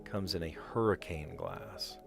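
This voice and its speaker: A man's voice: deep voice, very animated, measured pace, vocal fry, over music. A man chatting casually on a puzzle live stream, rambling and explaining where words come from. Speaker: streamer playing word puzzles.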